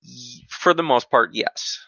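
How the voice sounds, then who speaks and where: A man's voice: mid-range voice, unhurried, bright, forceful tone, no room sound. A man on a podcast panel, explaining game rules in casual chat. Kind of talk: casual tabletop wargame chat. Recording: dull lo-fi mic.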